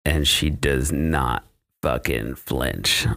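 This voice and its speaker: A man with a very low, gravelly voice talks through a film plot on a podcast. His delivery rambles and is full of fillers, curses and laughs. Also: drawn-out words, a bit bright. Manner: rambling, profane, laughing often. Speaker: podcast co-host recapping a film. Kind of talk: casual chat.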